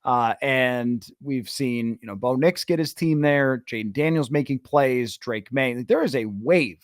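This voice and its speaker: A man's voice: medium pitch, a little slow, no room sound, clean studio sound. A man hosting a sports podcast, chatting casually, opinionated and ranting at times, with frequent filler sounds. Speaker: podcast host.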